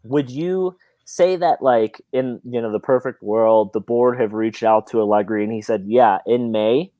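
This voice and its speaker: A man hosting a casual football podcast, animated, his pitch jumping up when he stresses a point and often repeating words as he thinks. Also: a little slow, no echo, lo-fi sound. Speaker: podcast host. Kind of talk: casual chat.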